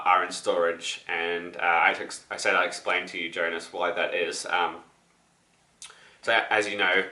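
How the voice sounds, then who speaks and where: Young man, slightly sick voice, rambling vlogger, bright tone in an echoey room. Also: low-pitched. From New Zealand. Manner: rambling, many ums and restarts. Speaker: record-collecting vlogger. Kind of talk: casual vlog to camera. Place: apartment.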